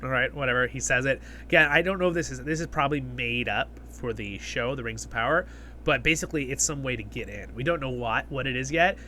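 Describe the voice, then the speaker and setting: A man hosting a casual episode review, excitable and geeky, retelling scenes with lots of asides. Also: medium pitch, fast, slight background noise. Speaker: host of a review channel.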